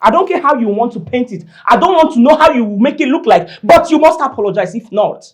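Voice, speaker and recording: A woman's voice: a little high, lively intonation, fast, close to an everyday voice. An actress with a Nigerian accent playing a defiant young wife who confronts her father and accuses him of fraud. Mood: pleading. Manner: confrontational, shouting. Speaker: daughter-in-law. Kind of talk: Nollywood film acting.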